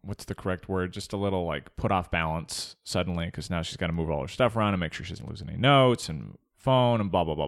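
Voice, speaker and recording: A man in casual chat who questions the other speaker and reasons through arguments aloud. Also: low-pitched. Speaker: conversation partner.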